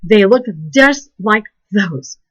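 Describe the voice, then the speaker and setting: A woman's voice: medium pitch, lively intonation, slow, muffled recording. A woman voicing a fussy, dramatic old grandfather in a storybook read-aloud, with a wailing, emphatic manner. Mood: suspicious.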